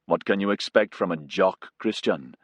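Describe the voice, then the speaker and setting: A man doing a gentle, joking Afghan co-pilot. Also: sits low, normal speed, dry recording. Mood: amused. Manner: gentle, grinning, easygoing. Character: friendly good-humoured Afghan male co-pilot.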